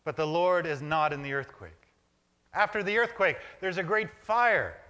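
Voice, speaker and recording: A man's voice: fairly high pitch, lively intonation, normal speed, pushed and bright. A male pastor preaching a reflective sermon in a church, building images in short, repeated phrases. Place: church sanctuary.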